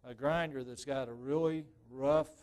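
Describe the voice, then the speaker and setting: A man's voice: mid-range voice, steady tone, normal speed, a little mellow, smooth. A man demonstrating woodturning to a club audience live, talking casually and checking in with "okay?" after nearly every point.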